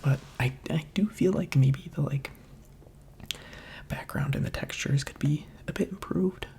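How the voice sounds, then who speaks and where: A man gives whispered ASMR gaming commentary, close on the microphone. His soft, mostly breath-only voice is mellow, with a gravelly edge, and he rambles in a chatty, playful way full of filler words. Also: a little high, unhurried.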